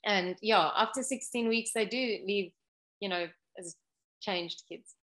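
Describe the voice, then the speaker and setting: A woman's voice: medium pitch, a little slow, fairly bright tone. A woman, a guest on an interview, earnestly explaining an ocean education program step by step.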